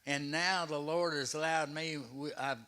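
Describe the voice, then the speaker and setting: A man's voice: on the high side, fairly even intonation, moderate pace, pushed and bright, clean tone. A man from the audience sharing a humble, heartfelt personal testimony in plain words. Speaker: audience member. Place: church sanctuary.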